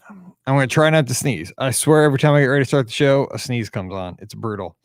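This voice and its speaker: A man's voice: mid-range voice, fast talker, no room sound, clean studio sound. Tired, chatty man hosting a live podcast. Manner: chatty, upbeat, hums and mutters to himself. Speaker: podcast host. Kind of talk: casual pre-show chat greeting live viewers.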